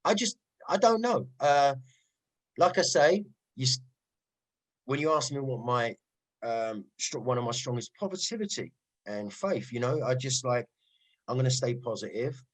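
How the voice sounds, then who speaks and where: Animated Cockney man telling stories. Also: mid-range voice, normal speed, long pauses, low-quality recording. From East London. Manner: animated storyteller, frequent "right?" asides. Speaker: rave MC guest. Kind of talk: casual interview chat.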